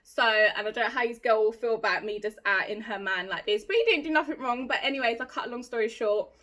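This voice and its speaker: A woman in her late twenties with an Essex accent tells a story in a loose, chatty way, laughing and putting on other people's voices. Her voice is bright and sits a little high. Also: quick pace. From England. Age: late 20s. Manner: animated, mimics voices, laughs often. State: runny nose. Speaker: podcast host. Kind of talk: casual storytelling chat.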